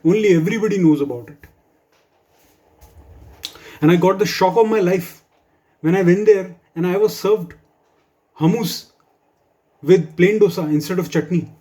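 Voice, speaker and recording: A man's voice: high-pitched, normal speed, long pauses, dark tone. A man performing a stand-up comedy set for office colleagues, with wry, dry humor and asides. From India.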